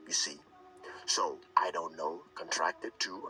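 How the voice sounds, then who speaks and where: A man teaching English phrasing in a lively instructional video, reading example sentences quickly and then slowly. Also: low-pitched. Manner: reads example sentences fast then slow, animated. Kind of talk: lively instructional read-along. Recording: played from a video, some distance from mic, light music.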